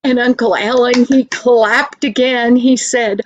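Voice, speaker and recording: Older woman storyteller for children; gentle, sing-song, very slow, slightly high, dry recording. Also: steady tone, dry recording.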